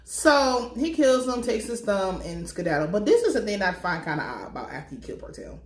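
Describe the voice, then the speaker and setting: A woman giving a casual, blunt and profane recap of a TV episode, telling it in an animated way. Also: mid-range voice, a little fast, reverberant. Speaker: TV recap commentator.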